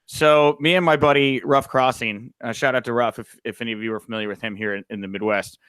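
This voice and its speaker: A man's voice: medium pitch, fast talker, clear, resonant tone, no echo. A young man hosting a wrestling news podcast, chatting casually and telling stories with a lot of "uh" fillers. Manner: animated storyteller, frequent "uh" fillers. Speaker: podcast host.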